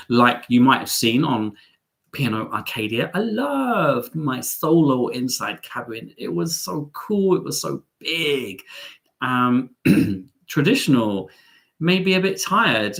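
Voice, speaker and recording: A young man from Devon, England hosts a live stream, reading viewer comments aloud and answering them in a chatty, playful way. He's lively, and his pitch often leaps up high.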